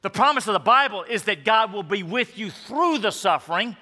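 A man's voice: sits high, lively intonation, moderate pace, bright, forceful tone. A man preaching a sermon in a church, reading scripture and then driving his points home by repeating them. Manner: emphatic, repeats key points. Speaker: pastor. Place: church sanctuary. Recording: long reverb of a church hall.

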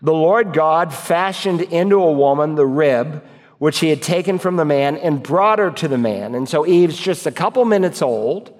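A man's voice: on the high side, animated, moderate pace, in a large hall. A man preaching a sermon, reading Bible verses aloud and explaining them as he goes. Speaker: pastor.

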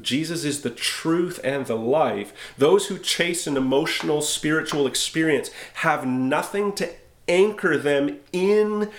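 A man preaching a sermon as pastor, conversational and wry, slowing down for emphasis. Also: on the high side, gravelly, roomy sound. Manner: conversational, wry, with dramatic slowdowns. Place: church sanctuary.

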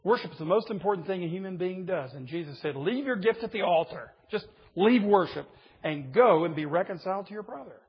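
Man, sermon, earnest preaching, breathy voice, dull lo-fi sound. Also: sits high, lively intonation, brisk. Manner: earnest preaching with rising emphasis. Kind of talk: sermon to men. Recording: dull lo-fi recording in a reverberant hall.

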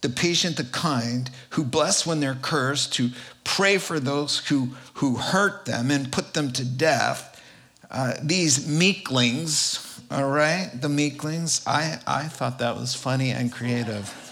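A man preaching a sermon in an animated, jokey way, acting out quotes with big swings in his voice. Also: mid-range voice, slow.

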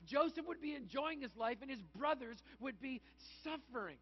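Man, pastor, high voice, lively conversational sermon, muffled lo-fi recording. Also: normal speed, hardly any pauses. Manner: animated, conversational preaching with acted asides.

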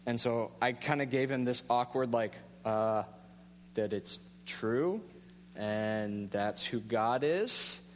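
A man in his thirties, a pastor, preaching a sermon in a relaxed storytelling way with self-deprecating humor. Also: medium pitch, takes it slowly, in a large hall, a little hiss or hum.

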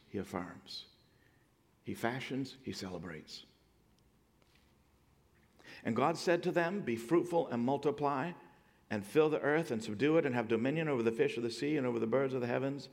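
A man's voice: medium pitch, gravelly. Man preaching in a reverberant hall. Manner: storytelling, dynamic swings from hushed to loud emphatic. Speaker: pastor. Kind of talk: sermon.

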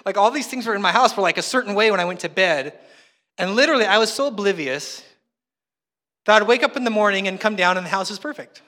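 A man's voice: sits high, lively intonation, fast talker, pushed and bright. A man preaching a sermon as pastor, telling chatty, self-mocking stories. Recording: long hall reverb.

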